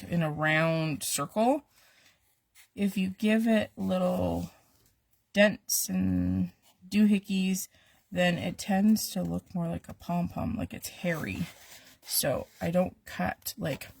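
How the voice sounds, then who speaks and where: A woman hosts a live craft demonstration while she is losing her voice. She talks to her viewers in a slow, relaxed way, with a slightly low, gravelly tone. She chats with them as she works. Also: dry recording.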